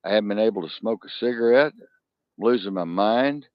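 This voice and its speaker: A man's voice: fairly low pitch, fairly quick, dry recording. Rambling, crude storytelling man. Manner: rambling, animated, crude jokester with many restarts. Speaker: podcast host. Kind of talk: casual storytelling chat. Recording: dull lo-fi sound.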